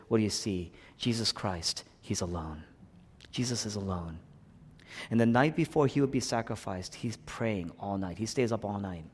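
A man preaching a sermon, swinging from hushed, quiet lines to loud, impassioned ones and repeating phrases for emphasis. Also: medium pitch, big-room sound.

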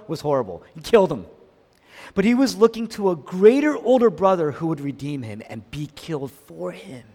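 A man preaching a sermon with passion, dropping to soft, tender lines and rising to loud, pressing ones. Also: on the high side, very animated, moderate pace. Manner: impassioned, swinging between soft and loud. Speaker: pastor. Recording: long hall reverb.

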